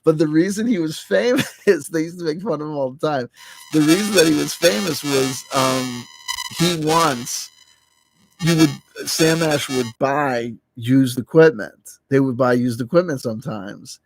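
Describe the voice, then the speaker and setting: A man's voice: on the high side, unhurried, vocal fry, music in the background. A man casually telling a rambling, profane story on a livestream, full of restarts and fillers and laughing as he goes. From New Jersey. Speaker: livestream host.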